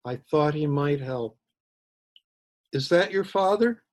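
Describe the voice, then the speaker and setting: A man reading aloud who voices a calm, eerie male intruder in a quiet, dreamy, unhurried way. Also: on the high side.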